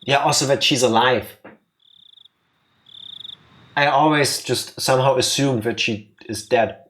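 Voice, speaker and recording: A man co-hosting a let's play, chatting casually and thinking out loud, often restarting his sentences. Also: mid-range voice, measured pace, a little hiss or hum. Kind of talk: casual chat while playing.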